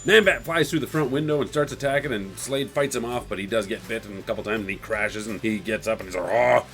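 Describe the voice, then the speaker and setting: Man, lowish voice, casual comic recap, chatty, faint music behind. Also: quick pace, fairly bright tone. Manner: chatty, retells scenes with quoted lines. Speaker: comic book recap host.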